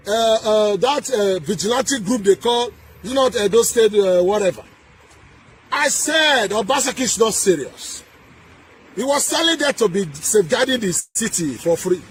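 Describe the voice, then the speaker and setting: A man with a Nigerian accent delivering a heated political rant, emphatic and repetitive, with sing-song rises and shouted bursts. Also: very high voice, a little hiss or hum. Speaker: political commentator.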